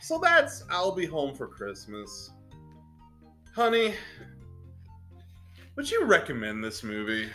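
A man's voice: fairly high pitch, wildly swooping pitch, slow, pauses often, a bit bright, soft background music. A man in his thirties co-hosting a casual movie review, retelling the plot with sarcasm and exasperation. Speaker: podcast co-host.

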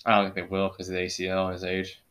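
Laid-back podcast host, man. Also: very fast. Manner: animated, does high-pitched impressions when quoting. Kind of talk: casual chat with friends.

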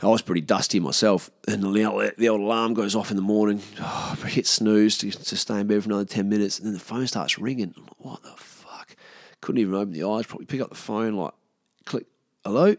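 A man's voice: on the low side, fairly even intonation, fast talker, dry recording, clean studio sound. A man in his thirties with an Australian accent, telling stories from his past in a casual, laid-back way, swearing freely and often trailing off. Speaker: podcast host. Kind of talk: casual storytelling monologue.

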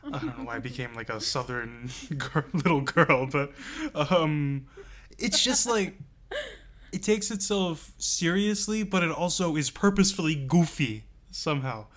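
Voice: medium pitch, lively intonation, measured pace, fairly bright tone. A podcast co-host in casual chat, making sarcastic, profane jokes with laughing asides.

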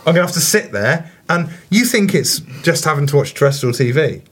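A man's voice: brisk, husky. A man in casual podcast banter, swearing freely and acting out other people in his stories. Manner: sweary, animated storytelling, mimics people in high voices. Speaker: podcast co-host.

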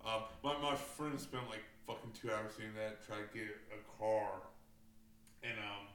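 A man's voice: lowish voice, measured pace, a bit bright. A man telling gaming stories in a casual chat, profane and full of fillers. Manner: profane, storytelling, frequent fillers. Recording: roomy, distant mic, faint ambience.

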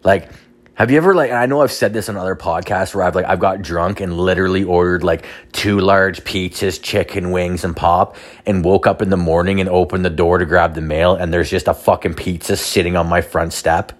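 A man's voice: deep voice, fairly even intonation, a little fast, hardly any pauses. A man in his thirties hosting a solo podcast, telling rambling, self-deprecating stories packed with swearing. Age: 30s. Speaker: podcast host. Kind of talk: casual solo podcast storytelling.

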